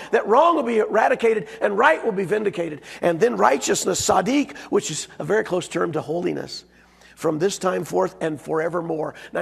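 A man preaching a sermon in a hoarse, raspy voice. He talks in a folksy, emphatic way and punches his key words. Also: sits high. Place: church sanctuary. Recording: long reverb of a church sanctuary.

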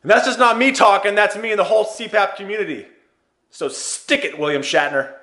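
A man delivering an animated, mocking rant in an older vlog clip. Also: high voice, fairly quick, echoey room.

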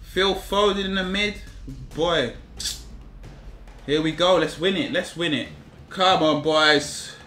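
Young guy yelling at a football game, high bright voice, echoey room with music behind. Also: slow, pauses often. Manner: frustrated, shouts at the game, repeats phrases. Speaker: gaming YouTuber. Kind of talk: live gameplay commentary.

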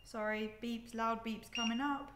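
A woman's voice: a little high, steady tone, measured pace. A young woman chats through a cooking live stream, laughing easily and talking to viewers as she moves around. She is recorded in an echoey home kitchen, and a faint noise sits under her voice. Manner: chatty, giggly, talks to viewers while moving around the kitchen. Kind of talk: casual live-stream chat while cooking.

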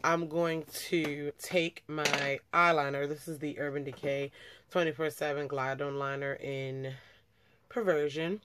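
Her low voice stays steady and measured while background noise runs underneath. The young woman, a beauty vlogger, chats casually as she works through a makeup tutorial, frequently correcting herself.

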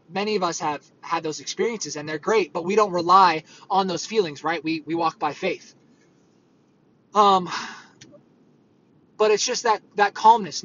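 Earnest man preaching off the cuff, high and bright, muffled lo-fi recording. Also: a little hiss or hum. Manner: earnest, conversational, rambling with fillers. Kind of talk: informal sermon. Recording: dull lo-fi audio.

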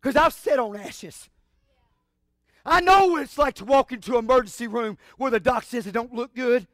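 A man preaching an impassioned sermon, shouting out exclamations, then dropping to hushed asides. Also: very high-pitched, normal speed, no echo, studio quality. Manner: call-and-response exclamations. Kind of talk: fiery sermon.

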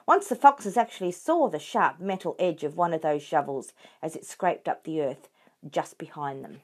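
A woman reading a children's book aloud in a clear, expressive way. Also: low-pitched, normal speed. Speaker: storyteller for children.

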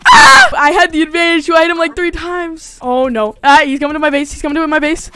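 A man doing excited gameplay commentary as a YouTuber, yelping, laughing and talking in slang. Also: extremely high pitch, quick pace, background noise. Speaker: gaming YouTuber.

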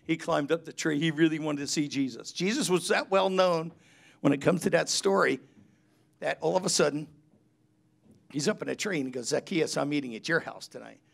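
Here the same kind of chatty sermon comes from a middle-aged pastor whose gravelly voice sits on the high side and moves a little fast. He tells stories and performs the quotes of the people he mentions.

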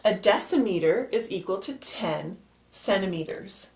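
A woman gives a math lesson for young children, moving at a slow, deliberate pace. She patiently spells out letters one by one and circles back to repeat the key points. Her voice carries a noticeable echo, as if recorded in a bare room. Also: mid-range voice, animated, darkish tone. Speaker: math teacher. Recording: echoey room.

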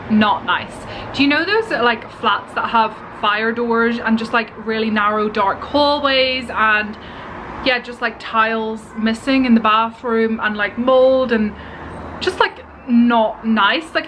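A young woman, chatting in a rambling, giggly way through a life-update vlog at home. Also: fairly high pitch. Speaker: vlogger. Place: home kitchen, indoors. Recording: noisy home camera recording.

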